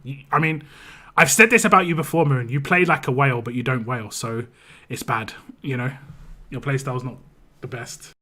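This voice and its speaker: Rambling on a live stream, this British-accented man often repeats himself and reads viewers' messages out loud. His mid-range voice sounds pushed and bright, at a moderate pace.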